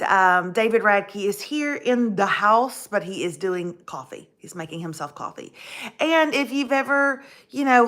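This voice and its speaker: Lively, bright-voiced woman. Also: mid-range voice. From Texas. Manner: chatty, animated, greets viewers by name. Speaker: livestream host. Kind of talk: casual livestream chat. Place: indoors at home.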